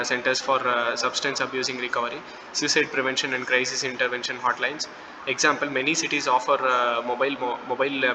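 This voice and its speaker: A young man giving a class presentation, reading steadily from notes with fillers. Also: mid-range voice. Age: young adult. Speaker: student presenter. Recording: long reverb, faint noise.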